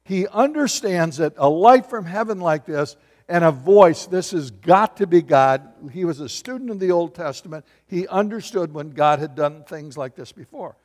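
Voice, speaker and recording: A middle-aged pastor preaches at a moderate pace with storytelling flair, his voice slightly high for a man. He's animated, alternating booming bursts with quiet, confiding asides, while long hall reverb lingers after each phrase.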